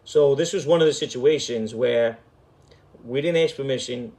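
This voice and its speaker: A man's voice: medium pitch, normal speed, a little mellow. A middle-aged man, telling a story in an emphatic, profane, street-talking way. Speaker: storyteller host. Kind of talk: casual storytelling.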